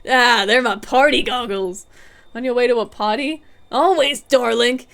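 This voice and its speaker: A woman voicing a loud, flamboyant male party guy in goggles, in a put-on accent. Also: fairly high pitch, a little slow, gravelly.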